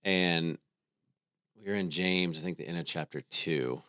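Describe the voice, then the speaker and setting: A man in his thirties, a podcast co-host, telling stories about his family in a relaxed, conversational way. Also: low voice, a little slow, smooth, no room sound, studio quality. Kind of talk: casual faith conversation.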